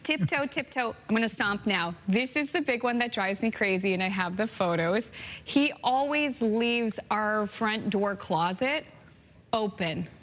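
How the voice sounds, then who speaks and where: A woman's voice: mid-range voice, unhurried, fairly bright tone. A woman hosting a morning TV chat, friendly and a little hesitant with small restarts. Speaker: TV morning host. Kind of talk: casual chat.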